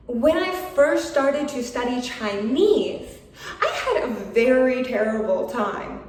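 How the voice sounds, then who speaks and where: A woman's voice: sits high, far from the mic. Encouraging woman teacher in an echoey room. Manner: frank, encouraging, with little laughs. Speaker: English teacher. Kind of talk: video lesson talking to camera.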